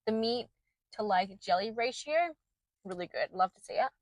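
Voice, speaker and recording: In a parked car, a young Australian vlogger speaks into a small handheld mic, telling a rambling, chatty story full of fillers. Her medium-pitched voice is expressive at a normal speed; there's no echo, though the recording quality is low.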